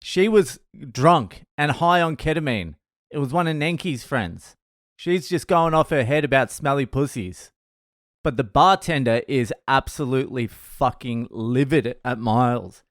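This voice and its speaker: A man's voice: medium pitch, unhurried, no room sound, clean studio sound. A man with an Australian accent, a comedian telling a crude, laid-back story. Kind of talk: storytelling podcast.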